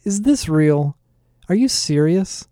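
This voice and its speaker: A man's voice: fairly high pitch, lively intonation, takes it slowly, dark tone, no room sound, clean studio sound, voice pushed up. A man voicing a cheeky, laid-back young man with a casual, unbothered manner.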